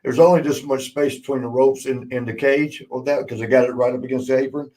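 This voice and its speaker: A former wrestler hosts a podcast, swapping wrestling road stories in casual chat. His medium-pitched voice moves fast, and he laughs a lot, swears freely, and acts out quotes as he retells them.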